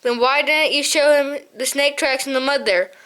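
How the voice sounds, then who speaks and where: A woman's voice: sits high, moderate pace, fairly bright tone. A woman reading an audiobook, voicing a testy older male ferry shrew who scolds brusquely. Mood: scolding.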